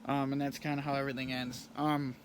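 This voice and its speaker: A young man hosting a podcast, recapping and reviewing a match in a casual, rambling way with many pauses and restarts. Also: medium pitch, level tone, slight background noise. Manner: rambling, frequent ums and restarts.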